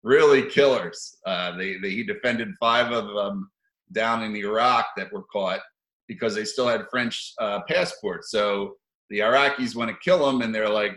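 A man's voice: on the low side, moderate pace, bright, forceful tone, echoey room, rough recording. A man giving rambling, profane opinion commentary for his video channel, sardonic and given to chuckling asides.

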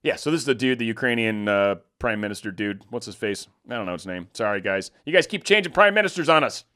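A man's voice: fairly low pitch, expressive, fast talker, sharp tone. A man giving casual, sarcastic political commentary, ranting and mocking.

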